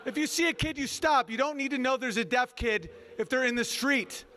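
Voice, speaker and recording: A male comedian with a very high speaking voice works through a stand-up set. He rambles, mocks and swears freely. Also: fairly quick, pushed and bright. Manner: profane, rambling, mocking.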